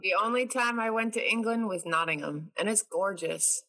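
A woman's voice: medium pitch, normal speed, a bit bright, low-quality recording. A woman from New York hosting a casual video call chat, bubbly and chatty, laughing often. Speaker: host.

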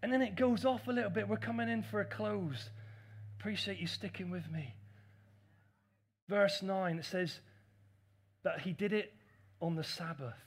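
A man preaching a sermon as pastor, animated and acting out the voices of critics. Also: high-pitched, normal speed, long pauses, husky.

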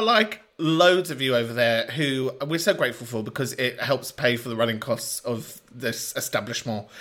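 A man hosting a podcast in a chatty, sweary way, with playful mock outrage. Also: mid-range voice. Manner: chatty and animated. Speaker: podcast host. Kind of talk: casual monologue, reading listener messages.

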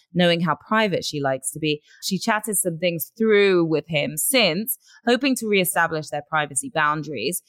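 A woman's voice: lowish voice, fairly bright tone, dry recording. An English woman hosting a casual celebrity news chat, reading gossip items aloud and then giving blunt opinions. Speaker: host.

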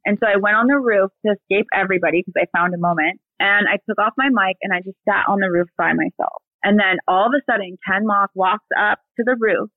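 A woman's voice: medium pitch, fast, few pauses, no room sound. Foul-mouthed woman telling a story. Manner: profane, animated, emphatic storytelling. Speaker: podcast guest. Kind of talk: casual storytelling chat. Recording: dry phone-like remote audio.

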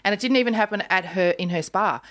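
A woman's voice: mid-range voice, fast talker. A woman in her fifties with an Australian accent, hosting a podcast and telling stories in casual chat, acting out the voices of people in them. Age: 50s. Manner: animated storyteller, acts out voices in quotes. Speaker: podcast host.

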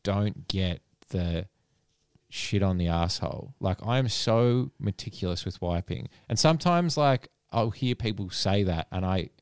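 A man's voice: deep voice, animated, unhurried, clean tone, no echo, clean studio sound. A man, a podcast co-host talking casually with hesitant restarts. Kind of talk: casual chat.

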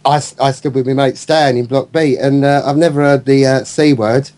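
A man's voice: medium pitch, steady tone, moderate pace, a little mellow. A man chatting about a football match, rambling and hesitant with a cheeky streak. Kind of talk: casual fan chat.

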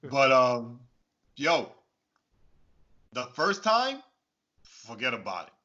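A man co-hosting a podcast in casual chat, telling stories in an animated, exclaiming way and laughing often. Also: mid-range voice, slow pace. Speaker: podcast co-host. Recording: dull, lo-fi podcast audio.

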